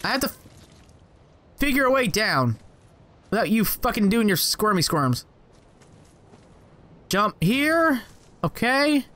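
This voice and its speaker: A high-pitched man narrating his video game run as he plays. He swears freely, scolds the monsters on screen and jokes at them, jumping between mutters and yelps. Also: big pitch swings, slow pace, pauses often, sharp tone. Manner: profane, jokey, talks to game enemies. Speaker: gameplay commentator. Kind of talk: let's play commentary.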